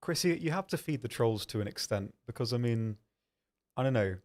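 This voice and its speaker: A man's voice: mid-range voice, lively intonation, a little fast. A young man hosting a live stream, casually reading viewer questions aloud and answering them with frequent ums and self-deprecating asides. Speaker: stream host answering chat.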